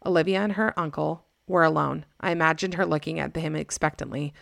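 A woman podcast host narrating a scary story in a measured, dramatic reading. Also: low voice, fairly even intonation, gravelly, a bit bright, dry recording, clean studio sound.

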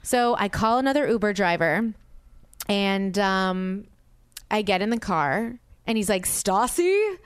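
Chatty woman host, smooth dry voice. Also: mid-range voice, a little slow, no echo. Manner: animated storyteller, heavy use of "like"; acts out quoted dialogue with exasperation. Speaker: podcast host. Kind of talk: casual chat.

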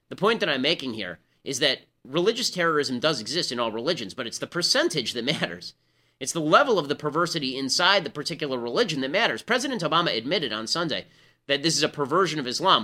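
A man hosting a political talk show, delivering a rapid, sarcastic, argumentative monologue. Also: mid-range voice, pushed and bright. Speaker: political commentary host.

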